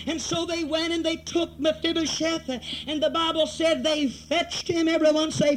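A man's voice: very high-pitched, steady tone, normal speed, hardly any pauses, a little hiss or hum. A man preaching a revival sermon, telling a story dramatically and building up to fervent exhortation.

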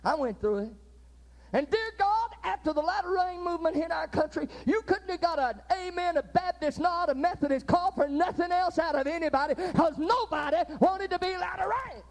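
An older man, preaching a sermon in a folksy storytelling way, with sudden loud outbursts. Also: extremely high pitch, fairly quick, few pauses.

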